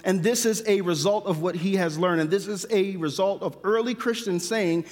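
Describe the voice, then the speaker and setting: A man's voice: high voice, normal speed, hardly any pauses. A man preaching a sermon in a conversational way, with self-corrections and humorous asides. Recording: long hall reverb.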